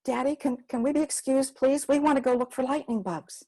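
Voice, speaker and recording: A woman voicing an eager young girl in a told story, tripping over her words in excitement. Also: sits high, a little fast, voice pushed up. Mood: pleading. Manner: breathless, stumbling with eagerness.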